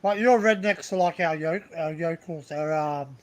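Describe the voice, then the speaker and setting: A man's voice: fairly high pitch, normal speed. A man hosting a casual livestream chat, cracking jokes and laughing. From Australia. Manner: joking, tells jokes and laughs. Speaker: livestream host.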